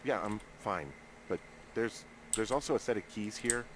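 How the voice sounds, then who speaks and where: A man's voice: on the low side, moderate pace, noisy background, close to an everyday voice. A man voicing a dry, matter-of-fact male fire lookout in game dialogue. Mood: reporting.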